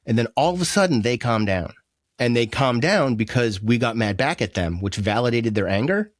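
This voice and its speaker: Animated man coaching on a podcast. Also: mid-range voice, normal speed, no echo, studio quality. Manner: animated explaining, acts out both sides of arguments. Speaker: ADHD coach and guest. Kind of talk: casual podcast conversation.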